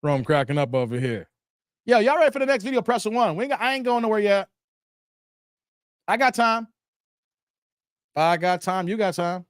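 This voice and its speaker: A man's voice: high-pitched, very animated, moderate pace, pauses often, smooth, no room sound, studio quality. A man hosting a live stream, reacting to videos and reading chat comments aloud, laughing often and riffing animatedly.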